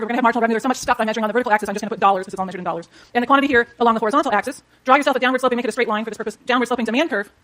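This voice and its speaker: A middle-aged woman lecturing on economics at a very quick clip. Her voice sits a little high, and she walks the class through each graph as she draws it. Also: a bit bright. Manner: brisk, explains while drawing graphs, talks to students.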